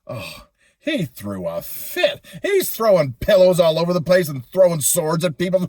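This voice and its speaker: Lively playful man telling children's stories, slightly husky, dry sound. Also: high-pitched, unhurried, no echo. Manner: animated, playful. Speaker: children's story teller. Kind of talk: children's Bible story telling.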